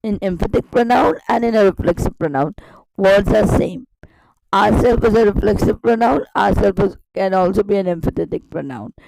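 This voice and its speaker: Woman doing a grammar lesson, slightly gravelly, keeps repeating and asking the class questions. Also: medium pitch, moderate pace, a little mellow, slight background noise, poor audio. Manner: repetitive, emphatic explaining with rhetorical questions. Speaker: grammar teacher.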